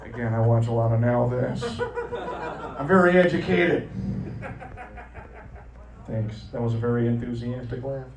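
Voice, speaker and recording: A man's voice: mid-range voice, unhurried, long pauses, far from the mic. A man in his early forties doing a stand-up comedy set on a club stage, with a loose, rambling delivery full of restarts. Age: early 40s. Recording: roomy live club recording from off-mic. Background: audience laughter.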